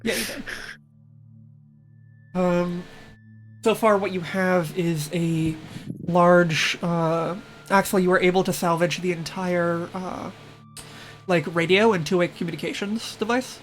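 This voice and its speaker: A woman's voice: fairly low pitch, fairly even intonation, unhurried, long pauses, soft background music. A woman as game master, narrating the scene casually with fillers and laughs.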